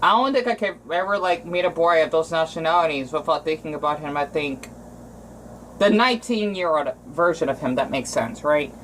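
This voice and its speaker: A man from Arizona talking in a casual cooking vlog, rambling and emotional, with frequent restarts and halting phrases. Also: a little high, a bit bright, a little hiss or hum, rough recording. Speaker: vlogger.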